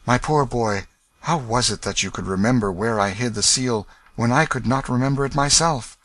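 A man voicing a young king who speaks in a commanding, measured, old-fashioned manner. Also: medium pitch, animated, a bit bright, no room sound, voice pushed up. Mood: kind. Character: young true king, firm yet kind.

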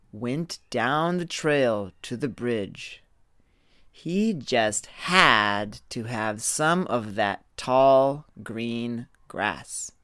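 A man reads a children's fairy tale aloud at a very slow, measured pace. His voice sits in an ordinary middle pitch, and the recording is dry and close. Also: a bit bright, clean tone, no echo. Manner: slow, deliberate reading aloud. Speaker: storyteller. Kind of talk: children's story reading.

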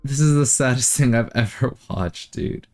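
A young man streaming live and commenting on a game as he plays. He jokes along and jumps into high, excited cries. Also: normal speed, background noise. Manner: reactive, jokey, breaks into high excited exclamations. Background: game music.

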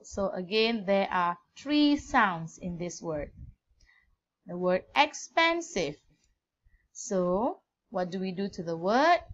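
A woman's voice: medium pitch, muffled recording. A woman with a Malaysian English accent teaching a grammar lesson, spelling words out letter by letter.

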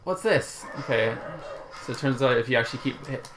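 A man's voice: mid-range voice, animated, fairly quick, noisy background. A young man playing a video game and chatting casually, with playful exclamations. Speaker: gamer playing on a let's play. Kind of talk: casual gameplay chat.

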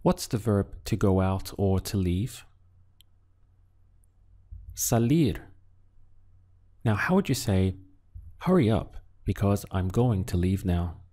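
Man, language teacher, scripted lesson, calm and measured, lowish pitch, dark mellow tone. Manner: calm, measured, prompting the listener to answer. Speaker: Spanish teacher.

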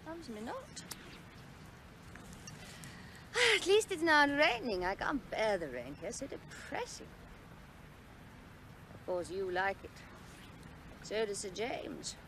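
An actress playing a restless, bored aristocratic lady, speaking in a breathy, languid, coaxing way in a 1970s television drama. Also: a little high, big pitch swings, unhurried, pauses often, fairly bright tone, slight background noise, full character voice. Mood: languid teasing. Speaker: lady of a Scottish estate.

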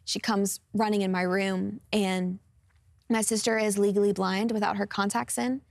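Earnest young woman with a gravelly voice. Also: medium pitch, fairly even intonation, normal speed, dry recording, clean studio sound. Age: about 20. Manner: earnest and open, with frequent fillers like "um" and "like". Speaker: guest singer sharing her testimony. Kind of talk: personal testimony in a studio interview.

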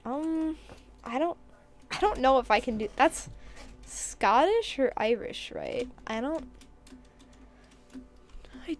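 High-voiced woman streamer chatting. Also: lively intonation, slow pace, long pauses. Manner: chatty, reads chat aloud and reacts. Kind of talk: casual live-stream chat while gaming.

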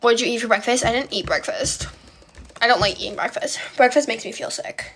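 A woman's voice: fairly high pitch, fairly quick, a bit bright, slightly rough. A young woman from Poland chatting on a phone live stream, answering viewer comments in a valley-girl way of talking and often stuttering. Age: young adult.

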